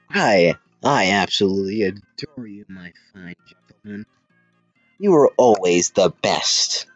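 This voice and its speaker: A man's voice: deep voice, no echo, muffled recording. A man voicing a doting, prim woman builder in a put-on British accent, gushing and formal as he reads a fan comic aloud. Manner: formal, gushing, repeats "my fine gentleman".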